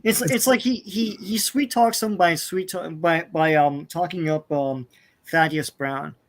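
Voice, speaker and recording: A man guesting on a casual podcast, talking haltingly and repeating words. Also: on the high side, soft background music. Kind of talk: casual chat.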